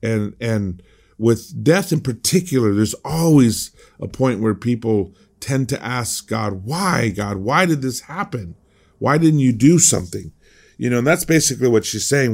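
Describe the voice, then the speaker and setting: An American male pastor reads a scripture passage and explains it in an informal devotional Bible teaching. His mid-range voice is mellow, and he often repeats words as he restarts a thought.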